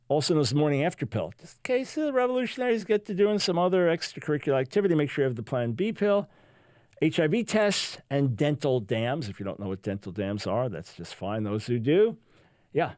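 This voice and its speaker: A man's voice: on the high side, very animated, moderate pace, no echo. A man hosting a talk radio show, delivering a sarcastic, mocking monologue in a studio. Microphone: studio microphone.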